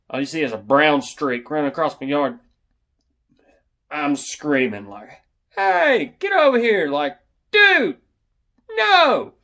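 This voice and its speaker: A young man casually telling a funny story, animated and yelling out the lines he quotes. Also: mid-range voice.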